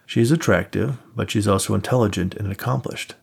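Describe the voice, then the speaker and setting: A man's voice: lowish voice, fairly quick, vocal fry, husky, full character voice. A man voicing a tired, injured man in an audiobook, talking in a dry, sarcastic way. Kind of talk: audiobook character voice.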